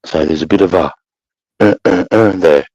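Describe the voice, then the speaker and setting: A deep-voiced Australian man talks bluntly on a livestream, peppering his lines with mate and swearing. His voice sits low and the sound is dry and close. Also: moderate pace, a little mellow, breathy edge, no room sound, low-quality recording. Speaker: livestream co-host. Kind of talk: casual chat.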